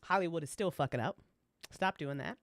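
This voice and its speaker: A woman's voice: sits low, brisk, dry recording, clean studio sound. A young woman hosting a podcast, emphatic and swearing freely. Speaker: podcast host. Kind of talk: casual podcast chat.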